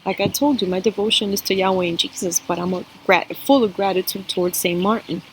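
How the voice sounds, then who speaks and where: A woman's voice: medium pitch, fairly even intonation, fairly quick, slight background noise, poor audio. A woman giving a spiritual cup reading to camera, earnest and emotional, talking straight to her viewers. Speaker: tarot and coffee-cup reader.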